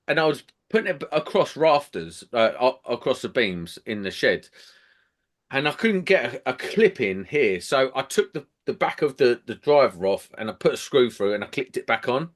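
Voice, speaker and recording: A man telling a sweary, animated story as a podcast co-host. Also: medium pitch. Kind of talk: casual chat, ranting anecdote.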